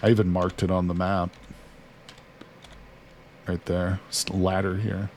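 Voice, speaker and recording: Low-voiced man chatting through a game. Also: level tone, unhurried, long pauses, darkish tone, slight background noise. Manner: chatty, talks to himself and his character. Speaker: gaming streamer. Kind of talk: casual let's-play commentary.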